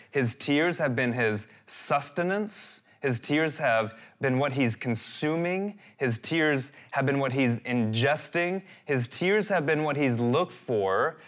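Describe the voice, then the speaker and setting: A man in his thirties preaching a sermon as a pastor, earnest and given to repeating his phrases. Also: medium pitch. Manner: earnest, repeats phrases, animated when quoting.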